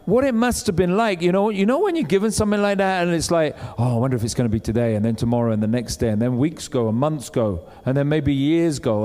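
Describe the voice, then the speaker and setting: A man's voice: on the high side, animated, fast, few pauses, warm tone, in a large hall. A man preaching a sermon in a chatty, storytelling way, acting out the voices of the people he describes. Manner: conversational, acts out quoted voices.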